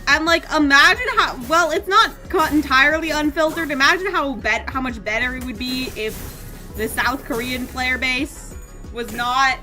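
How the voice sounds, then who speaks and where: A young woman streaming a game, chatting casually, reading the story text aloud and breaking into playful, excited outbursts. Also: high voice. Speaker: gaming streamer.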